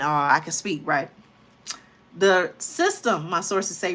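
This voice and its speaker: Chatting casually on her late-night livestream, this tired host keeps calling her viewers "y'all." She has a lowish, bright voice with a forceful tone.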